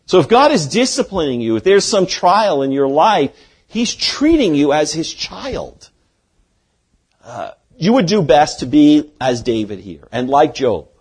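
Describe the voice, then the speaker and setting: A man preaching an expository sermon as a pastor, earnest, dropping from loud to hushed for emphasis. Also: fairly high pitch, husky.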